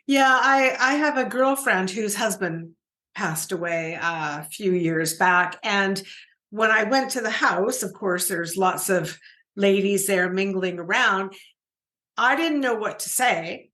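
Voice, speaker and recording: A woman's voice: mid-range voice, slow pace, pushed and bright. A middle-aged woman hosting an interview, asking searching questions that ramble with many restarts. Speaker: podcast host. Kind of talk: interview conversation.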